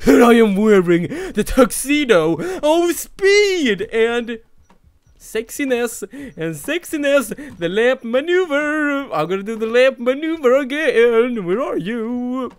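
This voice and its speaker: Young swedish-accented gamer yelling and giggling at the game, voice swooping up and down, dry close mic. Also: mid-range voice, very animated, slow, smooth, no echo. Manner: giggly, shouty, talks to game characters. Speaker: let's play gamer. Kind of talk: excited gameplay commentary.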